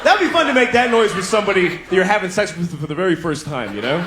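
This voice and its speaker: A man performing a stand-up comedy set, telling profane, conversational stories and acting out other voices in quick bursts. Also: high-pitched, background noise. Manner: animated storytelling, acts out other voices in bursts. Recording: live club with audience laughter. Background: audience laughter.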